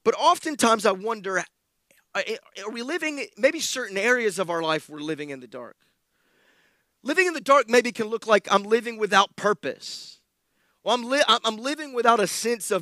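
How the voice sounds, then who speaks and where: Male pastor, 30s, high bright voice, storytelling sermon delivery with playful self-mockery. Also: moderate pace, no echo. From South Alabama. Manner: storytelling, self-deprecating humor, animated with loud bursts.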